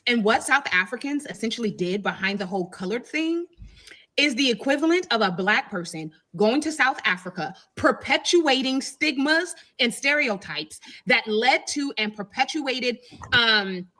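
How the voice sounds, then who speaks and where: A woman's voice: a little high, animated, normal speed, pushed and bright. A woman giving an opinion commentary in an assertive, explanatory way.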